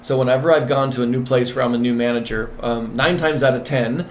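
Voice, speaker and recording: A man being interviewed as a nurse manager and executive coach, talking in an emphatic, repetitive, animated way. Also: mid-range voice, brisk, a little hiss or hum.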